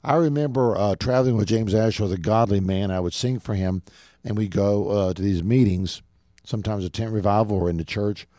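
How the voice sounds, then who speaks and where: Earnest man preaching in a low, mellow voice. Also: brisk, no room sound, studio quality. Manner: earnest, direct preaching that keeps addressing listeners as "folks". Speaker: radio show host and preacher. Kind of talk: radio sermon teaching.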